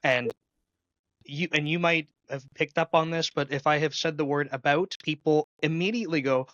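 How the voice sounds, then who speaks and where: A man's voice: on the high side, normal speed, fairly bright tone, no room sound. Easygoing Canadian man hosting, dull dry mic. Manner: easygoing, thinks aloud with restarts. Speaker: podcast host. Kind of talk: casual interview conversation.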